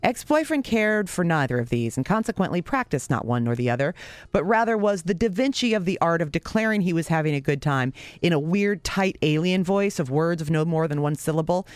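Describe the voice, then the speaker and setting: A woman's voice: expressive, fairly quick, dry recording. Wry, sarcastic woman telling a story. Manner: wry, sarcastic, self-mocking; sudden pitch leaps for emphasis. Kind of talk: personal storytelling.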